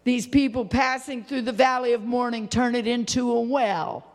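A middle-aged woman preaching a sermon, swinging from loud impassioned cries to hushed, low, tearful tones. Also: steady tone, moderate pace, long reverb tail. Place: church sanctuary.

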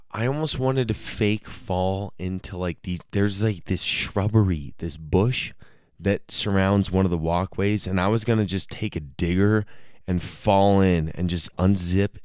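Young male podcast host, very low voice, slow rambling comic delivery, dry close sound. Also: a little mellow, smooth, no echo. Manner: rambling, self-interrupting, profane. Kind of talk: casual comedic storytelling.

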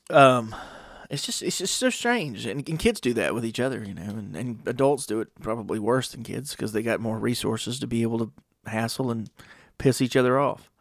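A middle-aged man talks through a rambling, wry podcast monologue and slips into mock voices. His voice is gravelly at a middle pitch. The recording is dry and close. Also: no echo. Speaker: podcast host. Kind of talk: casual monologue.

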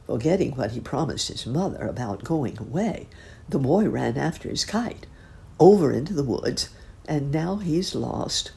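A woman voicing a kindly old gentleman rabbit who talks in a gentle, musing way. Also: extremely low pitch, animated, measured pace, creaky, exaggerated voice.

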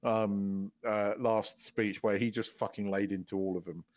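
A man co-hosting a podcast in casual chat, talking in an animated, sweary way and laughing often. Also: on the low side, a little slow. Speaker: podcast co-host.

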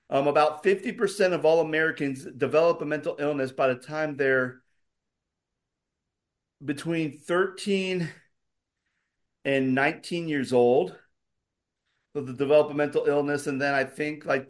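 A man with a somewhat high voice talks in a chatty, explanatory way, dropping ums as he goes. He is a pastor co-hosting a casual podcast discussion. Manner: chatty, explains with statistics, frequent fillers.

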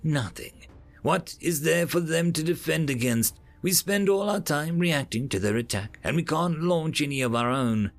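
A man's voice: on the high side, animated, normal speed, soft background music, pitched above the performer's own voice. A man doing a reasoning alien tactician. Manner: explanatory, reasoning aloud.

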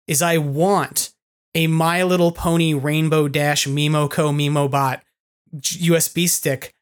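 Excitable rambling man, podcast host. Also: fairly high pitch. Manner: excitable, rambling storyteller who laughs often. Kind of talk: casual chat.

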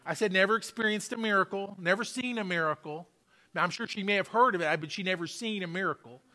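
Man, pastor, church sermon, emphatic repetition, high voice. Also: fast talker, pushed and bright. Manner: testimony storytelling, repetitive emphatic exhortation. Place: church sanctuary.

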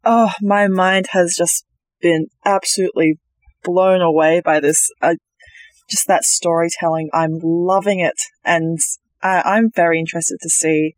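An Australian player chatting casually and enthusiastically, with halting, rambling phrasing. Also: mid-range voice, steady tone, no echo. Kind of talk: casual chat.

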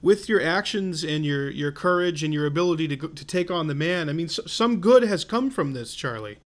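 A man hosting an interview, asking measured, encouraging questions. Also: a little high, animated. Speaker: interviewer, host.

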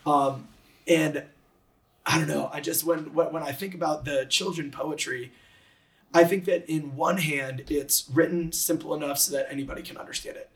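A man who teaches high school English, explaining poetic meter enthusiastically and tapping out rhythms with his voice. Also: fairly even intonation, normal speed, fairly bright tone, echoey room, recorded from a distance. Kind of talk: conversational explanation, reading a poem aloud.

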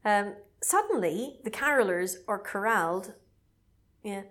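Animated woman recapping a film. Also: mid-range voice, a little slow. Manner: animated, acts out lines in funny voices. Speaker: podcast co-host recapping a film. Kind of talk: casual chat.

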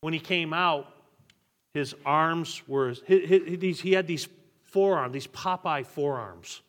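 Higher-voiced pastor preaching in a reverberant hall. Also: male voice, takes it slowly. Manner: animated storytelling, voice rising and dropping with the story. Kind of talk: sermon.

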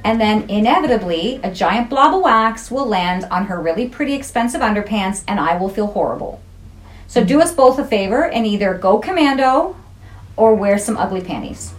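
A woman's voice: medium pitch, lively intonation, moderate pace. A middle-aged woman esthetician, talking frankly and jokingly in a casual interview. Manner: frank, jokey and chatty.

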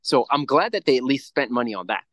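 A man's voice: mid-range voice, big pitch swings, fast talker, fairly bright tone, no room sound. Podcast guy rambling about a movie, swears a lot, dry close sound. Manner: rambling, swears freely, acts out quotes. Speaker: podcast co-host. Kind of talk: casual chat.

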